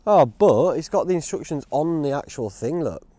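A man's voice: a little high, expressive, moderate pace, mellow, dry recording. A man with a grumbling, rambling and self-mocking manner, chatting casually in the woods as he reviews outdoor gear. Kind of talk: casual vlog chat.

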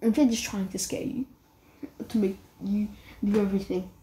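A young woman casually retelling a fan-fiction story as a YouTuber, rambling in a soft, whispery way. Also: mid-range voice, fairly even intonation, normal speed, husky.

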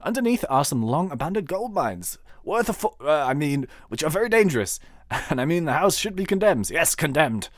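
A man's voice: on the high side, big pitch swings, moderate pace, no room sound, clean studio sound, voice pushed up. A man putting on a sly, greedy game mayor. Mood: scheming. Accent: British. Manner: sly, oily and theatrical. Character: scheming greedy male village mayor.

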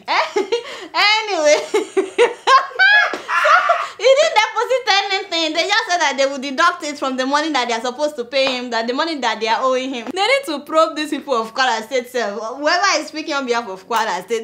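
A woman's voice: high-pitched, pushed and bright. A Nigerian woman in her thirties hosting a commentary show, outspoken and sarcastic, often breaking into laughter. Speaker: show host.

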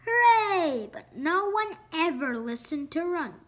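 A woman reading a children's picture book aloud, expressive and slow. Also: very high voice. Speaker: storyteller. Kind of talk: children's story read-aloud.

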